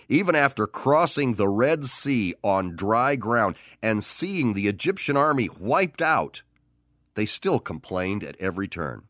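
Guy preaching a sermon, lowish voice that swings up and down a lot, dry close sound. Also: a little slow, no room sound. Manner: animated, acts out quoted voices.

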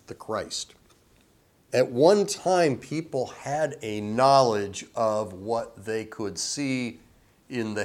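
Slow, deliberate preaching man. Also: mid-range voice. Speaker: pastor. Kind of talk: sermon.

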